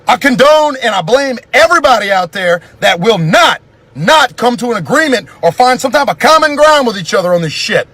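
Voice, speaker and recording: Man, high-pitched, furious profane rant to camera. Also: big pitch swings, fairly quick, bright, forceful tone, dry recording. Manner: profane, heated, repetitive ranting. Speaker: vlogger. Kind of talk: angry rant video.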